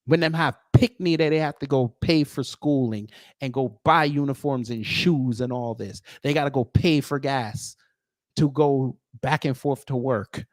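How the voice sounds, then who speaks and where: A man's voice: mid-range voice, measured pace, no echo, studio quality. A man delivering a heated, combative commentary rant, sarcastic and taunting. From United States. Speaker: commentary host.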